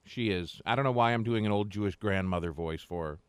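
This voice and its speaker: A man's voice: fairly low pitch, fast talker, smooth, dry recording, studio quality. A man co-hosting a casual talk show, tossing out wry jokes. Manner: joking, wry asides.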